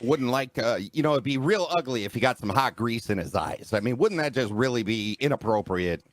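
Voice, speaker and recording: A man's voice: medium pitch, animated, fairly quick, dry recording. A man playing a tabletop game, trading snide taunts in character. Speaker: player.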